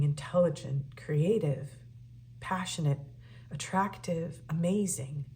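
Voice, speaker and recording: A woman giving a casual, earnest and emotional tarot reading, often pausing on fillers and restarting her sentences. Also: sits low, darkish tone, slight background noise. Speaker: tarot reader.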